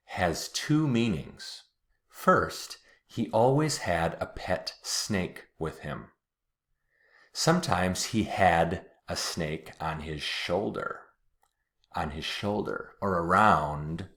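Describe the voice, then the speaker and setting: Patient male pronunciation teacher, low voice, unhurried, repeats each word with care. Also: a bit bright. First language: English. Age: adult, watched TV as a kid in the 80s-90s. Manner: patient, repeats words slowly and clearly. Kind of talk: slow, deliberate pronunciation lesson.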